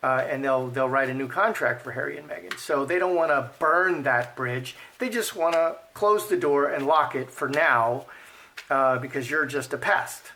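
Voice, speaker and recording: A man's voice: mid-range voice, normal speed, pushed and bright, a little hiss or hum. A man giving casual commentary while reading cards, thinking aloud, repeating himself and murmuring the card names. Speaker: card reader.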